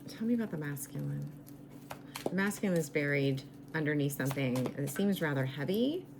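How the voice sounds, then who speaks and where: A woman reading tarot cards in a slow, musing way, her voice going raspy as she loses it. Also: low voice, expressive, noisy background. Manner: slow, musing, repeats herself. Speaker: tarot reader.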